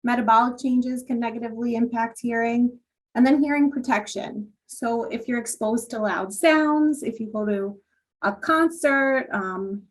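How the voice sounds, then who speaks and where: A woman audiologist giving a virtual presentation, explaining hearing tests and devices in a plain tone with frequent ums and you knows. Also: a little high. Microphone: computer mic on a video call.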